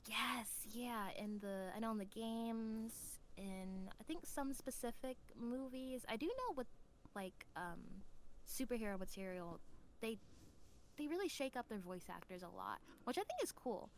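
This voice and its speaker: A woman's voice: measured pace, slight background noise. Chatty enthusiastic woman podcast host. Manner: chatty and enthusiastic, lively pitch swings. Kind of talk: casual chat.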